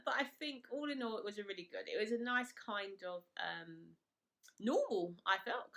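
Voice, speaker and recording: A woman's voice: mid-range voice, sharp tone. A woman vlogger chatting casually and enthusiastically as she recaps a reality show, with lots of "kind of, like" fillers.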